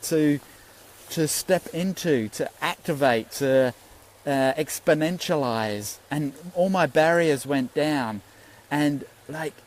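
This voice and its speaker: A man's voice: on the high side, slow pace, rough recording. A man, a spiritual teacher giving an earnest, rambling Facebook Live talk and swearing freely.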